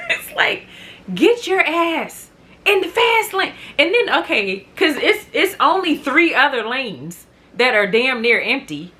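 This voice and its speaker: Lively, animated woman vlogger. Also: mid-range voice, a little hiss or hum. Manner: animated, laughing often, rising to loud exasperation. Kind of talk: casual chat to camera. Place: at home.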